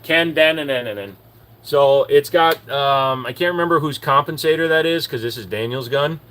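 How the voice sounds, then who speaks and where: A man's voice: fairly high pitch, normal speed, a bit bright, low-quality recording. A man hosting a casual livestream Q&A, reading out viewer comments and answering them in an offhand, profane way. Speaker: host.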